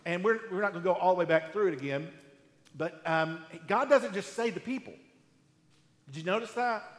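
A man preaching a sermon to a live congregation in a conversational, animated way, asking them questions. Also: high-pitched, fairly quick. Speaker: pastor. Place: church hall with live congregation. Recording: echoey hall, roomy reverb.

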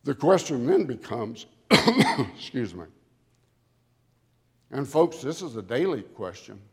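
A man preaching a sermon to a congregation with dramatic emphasis, building to loud peaks on key words. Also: medium pitch, sing-song, slightly rough. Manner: dramatic, slow emphatic delivery with swelling loudness. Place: church sanctuary. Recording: long hall reverb from a church. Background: congregation audience.

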